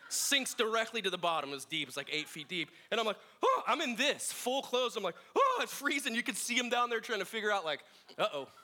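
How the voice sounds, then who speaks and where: Bright-voiced man telling family stories. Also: high voice, brisk. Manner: reflective, animated in quoted voices. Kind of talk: personal storytelling sermon.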